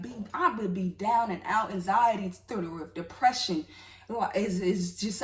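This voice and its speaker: A woman's voice: mid-range voice, distant mic. A woman telling a personal story in a casual, candid storytime vlog, talking straight to her viewers with emotion. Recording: echoey room, voice off-mic.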